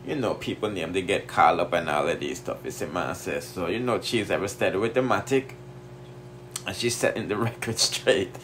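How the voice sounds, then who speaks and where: A Jamaican man with a low, deep voice runs through the latest gossip in a loose, chatty way. He leans on little tag phrases as he talks, and there is a faint hum behind him. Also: fairly quick, fairly bright tone. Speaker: gossip show host. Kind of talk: casual commentary.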